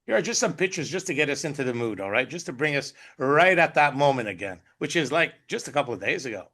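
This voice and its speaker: A man's voice: a little high, animated, fast, pushed and bright. A man hosting an online team recap call, effusive and exuberant, often laughing, speaking over a video call. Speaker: host.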